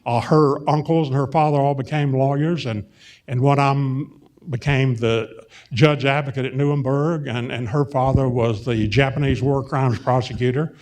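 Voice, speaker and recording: An older man with an Arkansas drawl spins rambling stories for a crowd. He wanders, self-corrects, and fills gaps with "uh," in an unhurried folksy way. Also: medium pitch, steady tone, darkish tone. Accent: Southern US, Arkansas. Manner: meandering, self-interrupting, folksy anecdotes with many fillers. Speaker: guest, film and TV producer. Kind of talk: rambling storytelling before a live audience. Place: on stage at a public event.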